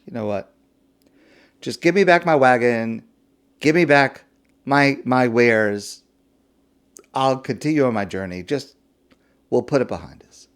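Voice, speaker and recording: A man's voice: mid-range voice, measured pace, pauses often, clear, resonant tone, close to an everyday voice. A man voicing a robbed male merchant in a parable, exasperated and scolding. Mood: conciliatory.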